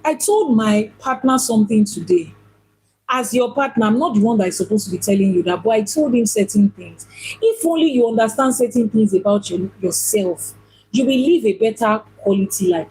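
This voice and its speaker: Husky woman teaching with emphasis. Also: on the high side, animated, moderate pace, warm tone, poor audio. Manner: emphatic, repeats phrases for stress. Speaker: Ifá priestess and teacher. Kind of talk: spiritual teaching talk.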